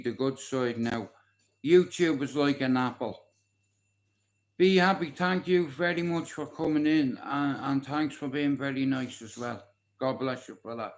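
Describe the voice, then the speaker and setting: A man's voice: mid-range voice, rough recording. An Irish man in his forties, chatting on a live stream in a boastful, rambling way and swearing freely. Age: 40s. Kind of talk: casual live-stream chat.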